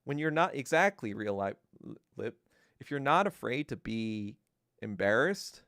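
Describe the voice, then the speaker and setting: A man's voice: mid-range voice, measured pace, dry recording, studio quality. A middle-aged male podcast host in a profane, mocking monologue, telling stories and ranting. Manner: profane, mocking, animated storytelling.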